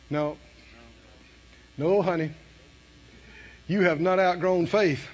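A high-pitched man with a drawl preaches with fire, swinging from hushed asides to shouted lines. He chuckles between points. The recording is muffled and lo-fi. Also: fairly even intonation, very slow. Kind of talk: sermon.

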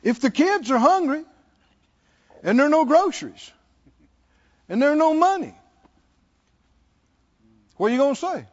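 Male pastor, middle-aged, emphatic sermon delivery, lively pitch, slightly dull recording. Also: measured pace, pauses often. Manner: emphatic, calls out to the congregation.

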